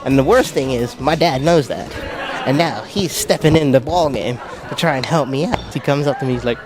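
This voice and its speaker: A man's voice: mid-range voice, a little fast. A young man doing a self-deprecating stand-up routine on stage at a ball, telling stories and slipping into voices. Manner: self-deprecating, animated storytelling with acted-out voices. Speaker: stand-up comedian. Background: music.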